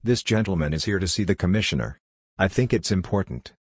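A man's voice: low voice, lively intonation, a little fast, breathy edge, no room sound, studio quality. A man voicing a nervous young female receptionist who speaks politely and hesitantly.

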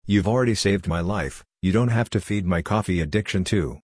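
A man reading the part of a wry, grumpy man with a dry, deadpan delivery. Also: low voice, brisk, slightly rough, dry recording. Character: wry, grumpy man who jokes dryly.

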